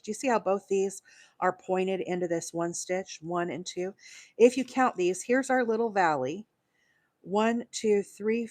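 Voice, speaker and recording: A woman's voice: medium pitch, no echo, studio quality. A woman hosting a live crochet stream, chatting with many fillers and counting stitches aloud as she works. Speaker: crochet host.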